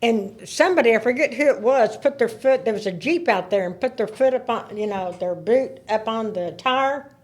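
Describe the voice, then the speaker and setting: Older woman telling lively stories. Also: a little high, moderate pace, few pauses. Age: 70s. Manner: animated, laughing, repeats words as she goes. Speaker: podcast guest. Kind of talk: casual storytelling.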